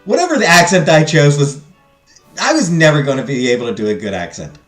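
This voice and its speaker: A man streaming a story game, reading its narration and chatting in an animated, rambling, self-deprecating way. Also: fairly high pitch, quick pace, echoey room, soft background music. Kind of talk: casual game commentary and narration.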